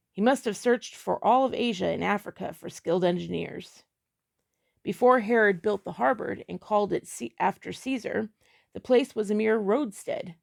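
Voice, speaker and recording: A woman narrating historical letters in a measured, even storytelling manner. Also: mid-range voice, vocal fry. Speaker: audiobook reader.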